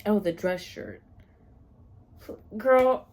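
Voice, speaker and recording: Animated young woman gushing about a book. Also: lowish voice, moderate pace. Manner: expressive, gushing, laughs often. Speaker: book vlogger. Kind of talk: casual reading vlog commentary.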